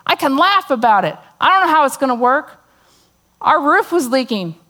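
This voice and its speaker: A woman's voice: high-pitched, big pitch swings, normal speed, pushed and bright. A middle-aged woman giving a humorous testimony talk to a church audience, telling a story with sarcastic asides and frequent laughter. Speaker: speaker at a church gathering.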